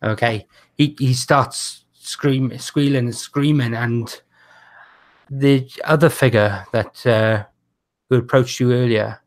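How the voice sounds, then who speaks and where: A man who narrates as game master, describing scenes in a halting way with many restarts. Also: mid-range voice, fairly even intonation.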